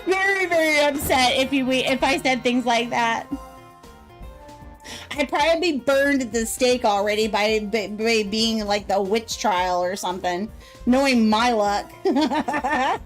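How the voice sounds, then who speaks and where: An American woman talks on her live stream in a high, unhurried voice. She rambles loosely and keeps breaking into giggles, with faint music playing behind her. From United States. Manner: giggly, rambling, laughs often between remarks. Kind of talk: casual live-stream chat.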